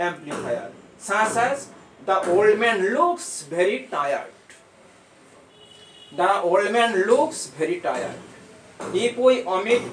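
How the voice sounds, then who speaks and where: A man's voice: sits high, fairly bright tone. A man with a Bengali accent, a college English teacher giving an online grammar lecture, repeating points and translating phrases. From India. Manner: repetitive, explains then translates phrases. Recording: echoey room, faint background hum.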